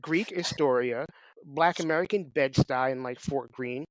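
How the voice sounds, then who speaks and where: A man's voice: mid-range voice, normal speed, dry recording. A man in his forties from New York, hosting a podcast, talking in an emphatic, blunt, casual way. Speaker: podcast host. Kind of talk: casual conversational interview. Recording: slightly dull, lo-fi sound.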